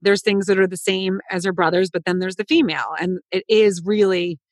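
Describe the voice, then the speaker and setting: A woman's voice: mid-range voice, brisk, no echo. Middle-aged woman chatting, acts out what people said, dry close sound. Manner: animated storyteller, acts out quotes. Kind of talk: casual chat.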